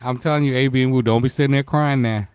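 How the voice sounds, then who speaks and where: A man's voice: medium pitch, fairly even intonation, fast, darkish tone, clean tone, no echo. A man in his forties hosting a casual live-stream talk show, emotional and tearful as he speaks to his guest. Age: 40s.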